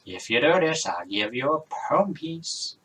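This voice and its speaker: A man voicing a boastful, theatrical male stage magician who makes loud, grandiose announcements. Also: on the high side, big pitch swings, a little slow, slightly rough, recorded from a distance, heavily acted, rough recording. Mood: showy.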